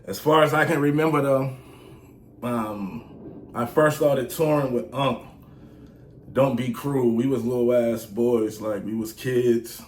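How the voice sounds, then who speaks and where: A man's voice: mid-range voice, slow. A man in his forties telling stories in a casual vlog, loose and slangy, often saying "you know what I'm saying". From United States. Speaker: vlogger, music reviewer. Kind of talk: casual storytelling monologue. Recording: roomy echo.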